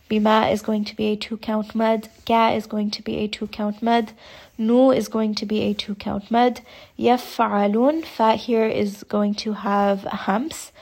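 A woman teaching Quran recitation in a calm, methodical way. Her voice has a gravelly, creaky edge. She walks through each rule slowly and carefully, demonstrating the sounds as she goes. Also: mid-range voice. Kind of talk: tajweed lesson with recited examples.

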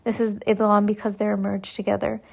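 A young woman teaching Quran recitation rules, explaining each point slowly and patiently. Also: medium pitch, monotone, creaky, breathy edge. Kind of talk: step-by-step tajweed lesson.

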